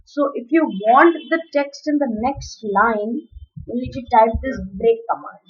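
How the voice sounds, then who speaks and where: A woman with a high voice walks through a coding tutorial, explaining each step as she types and correcting herself along the way. The recording sounds dull and lo-fi. She keeps an easy, teaching tone. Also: unhurried, slightly rough. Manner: explains step by step while typing, self-corrects.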